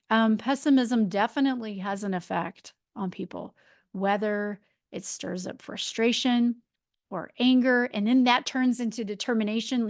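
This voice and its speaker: A woman's voice: a little high, moderate pace, vocal fry, no room sound, clean studio sound. A woman in her forties hosting a solo podcast, talking in a chatty, rambling way with many fillers and restarts. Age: 40s. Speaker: podcast host and life coach. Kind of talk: casual solo podcast talk.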